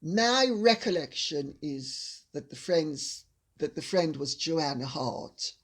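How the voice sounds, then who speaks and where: An older woman with a Jamaican accent, answering viewer questions in a measured, assured casual chat. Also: low voice, expressive, slightly rough.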